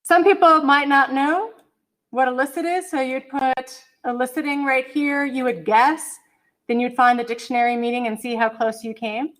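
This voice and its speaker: This middle-aged woman has a high, slightly bright voice with fairly even intonation, speaking at normal speed. Teaching an online college English class over a video-call computer mic, she chats, apologizes, and hums as she hunts for files.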